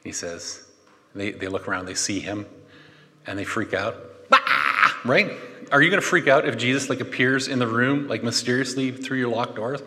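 Chatty pastor in a reverberant hall. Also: male voice, medium pitch, moderate pace. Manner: animated, chatty, jokey asides with laughs. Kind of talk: conversational sermon.

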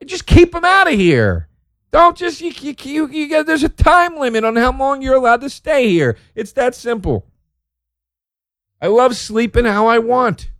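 A man doing a profane, sarcastic stand-up routine, ranting and jumping from loud high outbursts to low mutters. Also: very animated, measured pace, no room sound, clean studio sound. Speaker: stand-up comedian.

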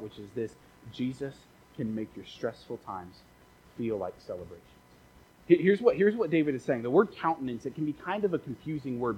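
A man's voice: medium pitch, husky, rough recording. A man preaching a casual, conversational sermon as a pastor, repeating phrases for emphasis and dropping joking asides.

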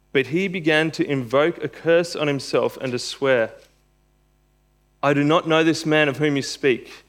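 A man preaching a sermon and reading scripture aloud, earnest and emphatic, building to bursts of intensity. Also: mid-range voice.

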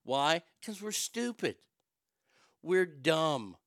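A middle-aged man telling a long personal story in a profane, wisecracking way, with quick asides and voices for the people in it. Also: fairly high pitch, big pitch swings, fairly bright tone, no echo, studio quality. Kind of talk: casual storytelling monologue.

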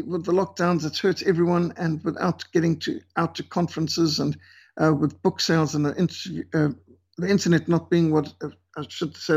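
A man's voice: on the high side, darkish tone, slightly rough. A male missionary leader as an interview guest, talking earnestly and emphatically with some fillers.

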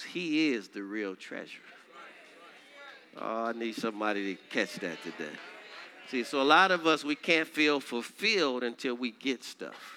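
A man preaching a sermon as pastor, coaxing the congregation to repeat lines and swinging from quiet low passages to high, loud declaiming. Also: clear, resonant tone. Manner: call-and-response preaching, urging the congregation to repeat phrases.

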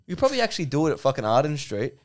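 A man's voice: fairly high pitch, wildly swooping pitch, rapid-fire, over loud music. Sweary Australian man hosting a podcast. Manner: sweary, laughing banter. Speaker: podcast co-host. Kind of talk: casual chat.

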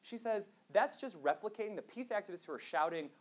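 A man's voice: high-pitched, lively intonation, a little fast. A man giving a conversational public lecture to a live audience, self-deprecating and full of fillers.

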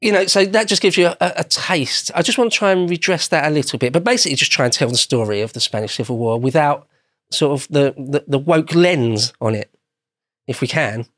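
A man's voice: fairly high pitch, brisk, a bit bright, no echo, clean studio sound. An Englishman explaining history as a guest in a casual podcast conversation, meandering and often rephrasing himself.

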